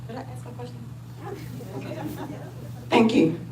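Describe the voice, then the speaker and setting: A woman speaking at a live event, excitable and chatty, swinging from loud outbursts to soft, heartfelt talk. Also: on the high side, moderate pace. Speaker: attendee asking a question. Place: large event room with an audience. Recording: echoey room, noisy ambience.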